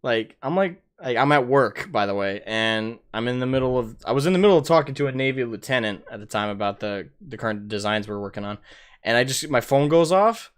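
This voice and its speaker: Guy on a podcast, smooth clear voice, swears a lot telling a story. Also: medium pitch, fairly quick. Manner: profane, animated storytelling with acted-out quotes. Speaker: podcast co-host. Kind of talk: casual chat.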